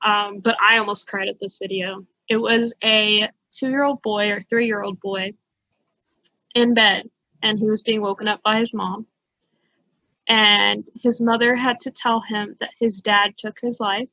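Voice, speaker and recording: A woman's voice: medium pitch, fairly even intonation, measured pace, sharp tone, no echo, highs cut off. A woman co-hosting a podcast in casual chat, speaking earnestly. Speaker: podcast co-host.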